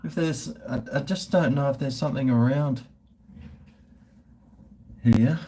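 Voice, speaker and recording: Warm in tone and mid-range in pitch, this Australian-accented man talks a little slowly over slight background noise. On his livestream, the food reviewer rambles chattily through viewer comments, laughing and restarting trailing thoughts.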